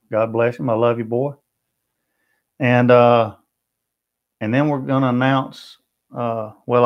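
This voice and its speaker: A Southern US man hosts a barbecue livestream, chatting warmly and answering viewer comments one at a time. His voice sits at medium pitch, and the recording sounds muffled.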